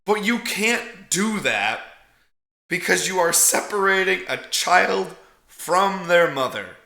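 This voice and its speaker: A man co-hosts a casual movie review chat with a bright, forceful voice. He talks in an animated, profane way and acts out character lines mid-sentence. The sound bounces around an echoey room. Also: sits high, slow, vocal fry. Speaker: podcast co-host.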